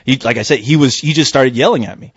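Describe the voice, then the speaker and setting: A podcast host with a medium-pitched, slightly rough voice talks fast in a casual chat, telling a profane, animated story and acting out the voices of the people in it. The sound is dull, dry lo-fi with no echo.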